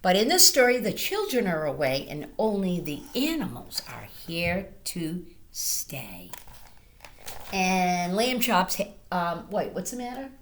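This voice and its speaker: A woman teacher reading a picture book aloud to young children in a gentle, sing-song way, speaking to them directly. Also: on the low side, a little hiss or hum. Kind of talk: children's storytime read-aloud.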